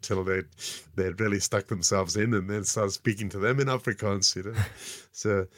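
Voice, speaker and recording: A man's voice: on the low side, steady tone, normal speed, no room sound, clean studio sound. An older man with a South African accent, telling stories as a podcast guest in a rambling way. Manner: rambling, frequent "you know" fillers. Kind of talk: casual anecdotal storytelling.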